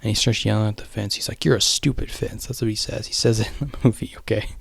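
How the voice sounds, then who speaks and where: A young man with a low, gravelly voice rambles through a movie recap, full of fillers and restarts. At times his voice sinks to a hushed whisper. The sound is dry and close, with no room echo. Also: flat delivery, fast talker. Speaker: vlogger.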